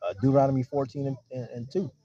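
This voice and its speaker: Husky-voiced man preaching casually. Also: medium pitch, fairly even intonation, warm tone. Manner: conversational, keeps checking in with listeners, reads verses slower. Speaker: street preacher teaching scripture. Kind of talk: casual sermon with scripture reading. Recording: dull lo-fi recording.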